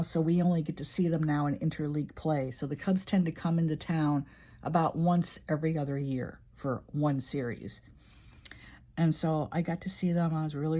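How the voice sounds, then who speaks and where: Deep and dark-toned, this woman's voice belongs to an older journaling vlogger from Illinois, USA. She leafs through her journal while talking casually, emotionally and in a rambling fashion.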